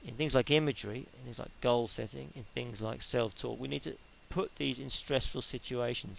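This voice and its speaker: A middle-aged man talks through a sport psychology lecture in a relaxed, chatty way, laying out each step with homely examples. His voice has a gravelly, creaky edge and sits at an ordinary middle pitch. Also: moderate pace, hardly any pauses, a little hiss or hum, rough recording. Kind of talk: informal spoken lecture.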